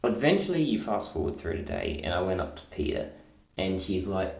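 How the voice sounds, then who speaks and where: A man's voice: low-pitched, big pitch swings, a little fast, vocal fry, a little mellow, echoey room. A young man telling a story in a casual vlog, rambling and swearing freely.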